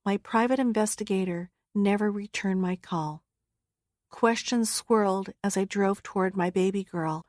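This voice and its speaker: Woman memoir narrator, mid-pitched voice, steady and earnest, close dry studio read. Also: measured pace, no room sound. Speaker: audiobook narrator. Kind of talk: first-person memoir narration. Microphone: close studio mic.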